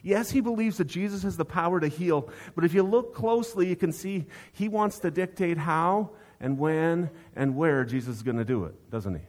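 A man's voice: a little high, normal speed, hardly any pauses, darkish tone. A man preaching a sermon in a conversational way, posing rhetorical questions to his listeners. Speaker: pastor.

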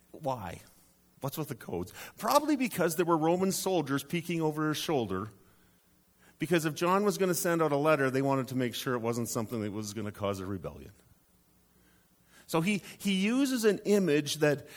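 A man preaching a sermon as pastor, acting out the scripture and then dropping his voice low and soft to stress a point. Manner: dramatic, drops to a hush for emphasis.

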